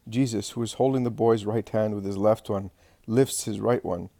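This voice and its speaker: A man giving an earnest, measured scripted reading of a religious narrative. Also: lowish voice, steady tone, warm tone, no room sound.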